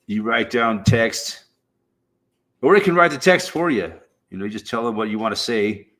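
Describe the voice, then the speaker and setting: A man's voice: medium pitch, a bit bright. A man streaming, chatting casually in a rambling, profane way with frequent fillers. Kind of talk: casual chat.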